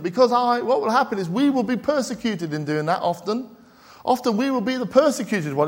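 High-voiced man preaching. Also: expressive, brisk. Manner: earnest preaching with rhetorical questions to the congregation. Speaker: pastor. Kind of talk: sermon.

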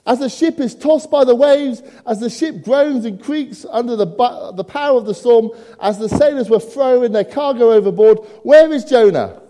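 A man's voice: extremely high pitch, normal speed, hardly any pauses, mellow. A man preaching a sermon in a church, mixing humorous asides with rhetorical questions to the congregation. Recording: long church reverb.

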